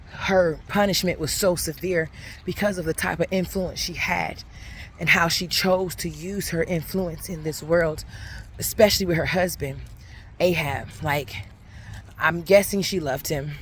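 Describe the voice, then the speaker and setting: A woman's voice: lowish voice, a little hiss or hum. A woman reflecting on faith and telling a personal story in a casual, earnest way, rambling and restarting her sentences. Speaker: faith vlogger.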